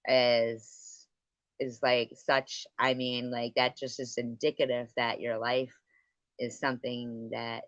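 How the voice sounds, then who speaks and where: A woman hosting a live stream, taunting and swearing at a guest, her voice swinging between loud jabs and low mutters. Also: clean tone, no room sound. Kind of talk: heated live stream argument. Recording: dull lo-fi stream audio.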